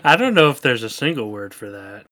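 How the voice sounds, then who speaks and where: A man's voice: mid-range voice, very animated, a little fast, background noise. A man co-hosting a casual podcast, telling a funny story and laughing often. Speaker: podcast co-host. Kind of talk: casual chat.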